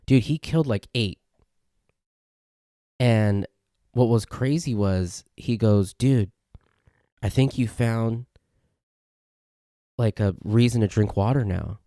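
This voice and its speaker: A man hosting a casual solo podcast, rambling through anecdotes and mimicking his friends in a higher voice. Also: measured pace, pauses often, mellow, no echo, studio quality. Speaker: podcast host.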